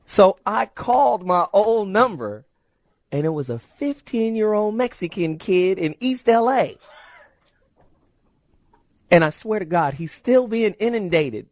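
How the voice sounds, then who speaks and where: A man's voice: sits high, expressive, measured pace, a little mellow, no room sound. Brash male radio talk host. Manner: brash, storytelling, repeats the call-in number. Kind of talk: late-night radio call-in talk. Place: radio studio. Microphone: studio microphone.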